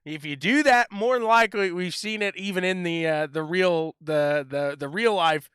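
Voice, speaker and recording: Upbeat male post-race interviewer, high bright voice, dry close mic. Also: normal speed, clear, resonant tone, dry recording. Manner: upbeat, hyped sports-broadcaster patter. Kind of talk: post-race interview on a sim racing broadcast.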